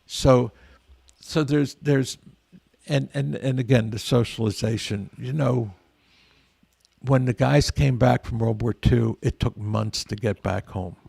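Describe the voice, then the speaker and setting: Gravelly older man telling war stories. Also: mid-range voice, slow pace, a little mellow, no room sound. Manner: rambling, earnest, frequent restarts. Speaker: guest, veteran. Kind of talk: casual storytelling interview.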